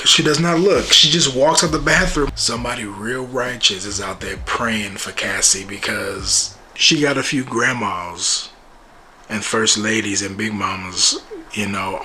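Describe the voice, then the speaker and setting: A man giving a casual, joking recap and reaction to a TV episode, animated and full of slang. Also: lowish voice, unhurried, slight background noise. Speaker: YouTube TV reviewer.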